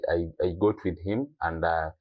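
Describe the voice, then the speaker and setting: A young man from Eastern Uganda talks as a podcast guest with a fairly low voice. He tells his story in a loose chat and often slips into quoted lines. He restarts his sentences now and then. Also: fairly even intonation, normal speed, dull audio. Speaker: guest actor. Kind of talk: casual podcast interview.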